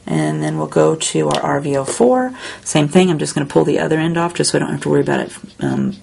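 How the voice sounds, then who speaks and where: Woman, craft tutorial host, relaxed chatty narration, deep gravelly voice. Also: slight background noise. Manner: relaxed, chatty, talks while working. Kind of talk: step-by-step coloring tutorial.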